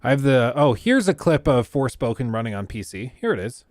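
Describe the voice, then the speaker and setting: A man's voice: medium pitch, sing-song, a little fast, a little mellow, dry recording. A man hosting a casual livestream, ranting bluntly and sarcastically to his chat. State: keeps choking on throat. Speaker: livestream host.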